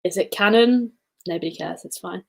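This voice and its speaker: A woman's voice: lowish voice, normal speed, gravelly. A young woman hosting a casual livestream quiz, chatty and giggly with self-deprecating asides. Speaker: quiz host.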